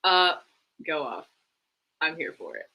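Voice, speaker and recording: A young woman co-hosting a live stream, chatting casually about theater news, full of "like" and quick laughs. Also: sits low, very animated, sharp tone, rough recording. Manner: chatty, lots of "like", laughs easily. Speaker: co-host.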